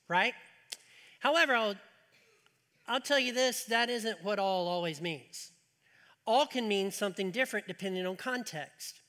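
Pastor preaching a sermon, high bright voice, folksy with jokes, long church-hall reverb. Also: male voice, animated, normal speed. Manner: folksy, joking asides to the congregation. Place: church sanctuary.

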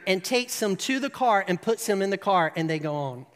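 A preacher telling an animated anecdote in a sermon, often checking in with the audience with "right?". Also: medium pitch, moderate pace, few pauses, in a large hall. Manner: animated storyteller, rising to emphatic peaks. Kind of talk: sermon storytelling.

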